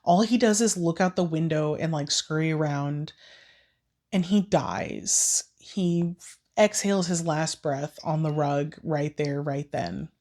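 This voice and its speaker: A woman with a scratchy voice recapping and ranting about a book in a casual vlog, swearing freely and jumping into quick quoted voices for each character. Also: low voice, steady tone, darkish tone. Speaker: book vlogger.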